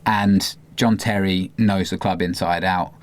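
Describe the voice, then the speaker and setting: A man's voice: low-pitched, fairly even intonation, unhurried. A man with a non-regional southern English accent, hosting a podcast in casual chat, thinking aloud and laughing easily. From Cambridge, England. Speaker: podcast host.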